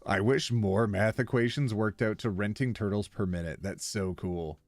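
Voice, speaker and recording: A man's voice: on the low side, normal speed, a little mellow, no room sound, clean studio sound. A man streaming live, reading online posts aloud in a casual, giggly way and stumbling over words as he reacts.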